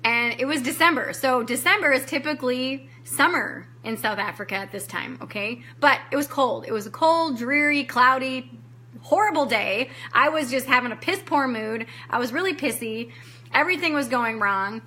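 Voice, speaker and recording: Bright-voiced woman telling a candid story. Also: sits high, lively intonation, normal speed. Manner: candid, emotional storytelling, acting out her own past lines, casual swearing. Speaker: life coach giving a training. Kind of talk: personal story in a live online training.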